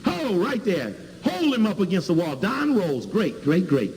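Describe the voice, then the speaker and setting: A man's voice: sits high, sing-song, moderate pace, a little mellow. A man from Chicago giving an emphatic lecture with video clips, spelling out and repeating key words. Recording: hall reverb, faint ambience.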